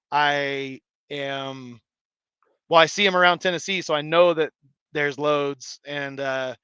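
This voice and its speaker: A man's voice: a little high, pushed and bright, smooth, no room sound, highs cut off. A man hosting a live stream, chatting casually and rambling with many restarts and fillers. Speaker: live stream host reading chat. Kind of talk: casual chat.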